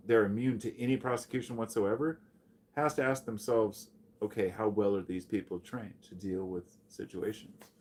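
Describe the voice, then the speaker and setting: A man talking bluntly and profanely on a casual livestream, reading and answering his chat. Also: on the low side. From United States. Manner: blunt, profane, animated when greeting chatters. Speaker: live streamer.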